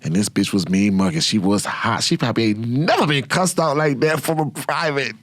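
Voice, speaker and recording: A man hosting his own podcast, telling profane, animated stories about his past and laughing often. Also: mid-range voice, normal speed, no echo, clean studio sound. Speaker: podcast host. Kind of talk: casual storytelling.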